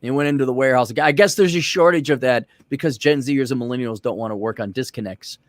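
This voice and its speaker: Man, podcast co-host, profane ranting storyteller, mid pitch, dry close sound. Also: fast talker, dry recording. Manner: profane, ranting storyteller acting out quoted people. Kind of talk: casual podcast chat.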